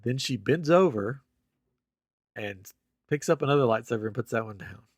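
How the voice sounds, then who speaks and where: Male podcast host, mid pitch, dry booth sound, animated casual storyteller. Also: normal speed, no echo. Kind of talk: casual chat.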